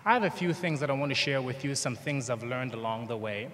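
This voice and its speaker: A man's voice: mid-range voice, lively intonation, brisk, a bit bright. Zambian man speaking in a big echoey hall. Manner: storytelling, acts out dialogue with humor. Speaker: commencement speaker. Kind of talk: motivational speech. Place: large convention hall. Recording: echoey hall, long reverb, faint noise.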